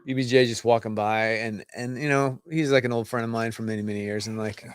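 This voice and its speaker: A man's voice: mid-range voice, fairly even intonation, fast, smooth, no room sound, clean studio sound. A man in casual chat, drunk and rambling, swearing heavily as he tells stories. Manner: rambling, heavy swearing, tipsy storytelling. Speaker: guest.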